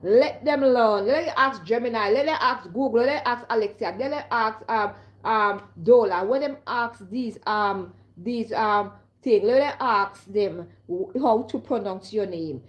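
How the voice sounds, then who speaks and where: Caribbean lady ranting to her stream, kinda high voice, keeps going "you understand?", bit muffled audio. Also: unhurried, few pauses. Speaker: live streamer. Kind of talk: casual direct-to-camera monologue.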